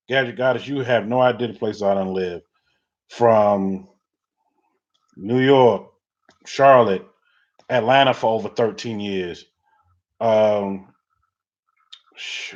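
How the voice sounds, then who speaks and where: A middle-aged man hosting a livestream, telling loose, rambling stories in casual chat while answering viewer comments. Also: fairly low pitch. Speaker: livestream host. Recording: dull lo-fi audio.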